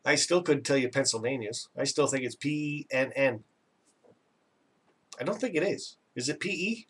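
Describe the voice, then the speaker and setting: A Canadian man hosts a relaxed live chat, rambling along and poking fun at himself as he reads out viewers' comments. His voice sits at an ordinary middle pitch and is picked up from a little way back from the microphone. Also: moderate pace, husky, far from the mic. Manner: chatty and rambling, self-teasing, laughs often. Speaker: live stream host.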